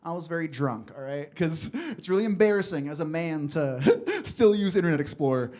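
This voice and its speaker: A man's voice: fairly high pitch, expressive, normal speed, a little mellow. A man performing a stand-up comedy set on a club stage, chatty and loose, often laughing and talking to the crowd. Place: comedy club stage before a live audience.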